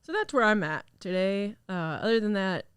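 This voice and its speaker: A young woman recovering from illness chats alone on her podcast, recorded in a studio. Her medium-pitched voice is sing-song and clean at a moderate pace with no room sound, and she rambles with lots of fillers.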